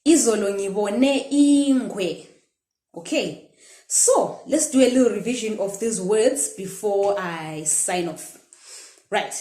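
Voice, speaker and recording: A woman teaching a language lesson, sounding out words slowly and carefully in repeated drills. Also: medium pitch, lively intonation, warm tone. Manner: slow, careful pronunciation drills. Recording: echoey room.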